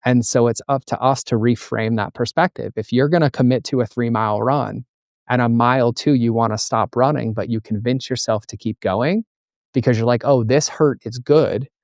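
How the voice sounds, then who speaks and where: Middle-aged male interview guest, animated storyteller, mid-pitched voice, dry close sound. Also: normal speed, dry recording. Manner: animated storyteller acting out dialogue. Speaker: guest, entrepreneur and coach. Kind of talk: conversational interview.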